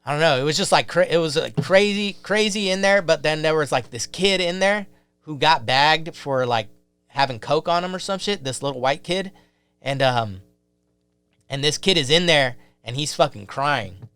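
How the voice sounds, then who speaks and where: A podcast guest, a man with a bright, crisp voice, rambles through a story in casual chat. He pitches a little high and uses plenty of filler words. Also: animated, moderate pace, faint music behind. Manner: rambling, full of filler and swearing.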